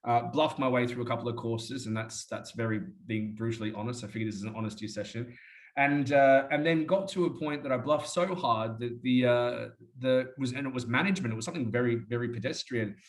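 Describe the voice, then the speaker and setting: A man's voice: mid-range voice, fairly quick. An Australian man telling stories as an interview guest in a rambling, chatty way. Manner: rambling, chatty, often says "mate". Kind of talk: casual storytelling chat.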